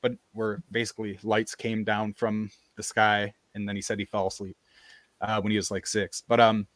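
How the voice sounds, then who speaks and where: A man's voice: on the low side, moderate pace, dry recording. A man hosting a podcast, telling a story in casual chat and acting out what others said. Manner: animated storyteller, acts out quoted voices. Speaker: podcast host.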